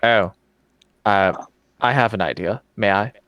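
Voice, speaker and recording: A man running a tabletop game as game master, narrating in a relaxed, casual way. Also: on the low side, unhurried, no echo. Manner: relaxed, casual, swears offhand.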